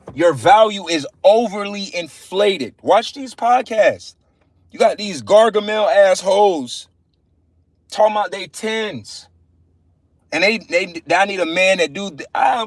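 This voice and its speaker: A man's voice: sits high, no room sound. Profane, scornful male street preacher. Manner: scornful, profane, quotes scripture. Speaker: livestream preacher.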